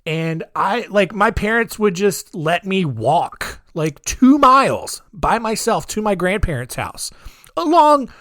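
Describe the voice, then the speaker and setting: A man's voice: high-pitched, big pitch swings, slow, a bit bright, dry recording, clean studio sound. A man hosting a podcast, telling a story in a chatty, rambling way with sarcastic asides. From United States. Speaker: podcast host.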